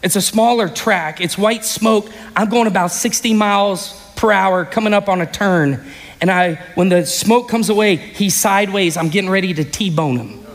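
A man preaching a sermon as pastor, telling stories with energy and breaking into sudden shouts. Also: high voice, moderate pace. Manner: animated storytelling, bursts into shouts. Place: church sanctuary. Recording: reverberant hall.

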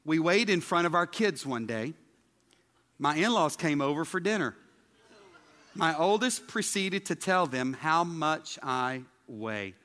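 High, bright-voiced man preaching. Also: lively intonation, unhurried, in a large hall. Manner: chatty, asks the congregation questions. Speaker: pastor. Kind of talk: humorous sermon. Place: church sanctuary.

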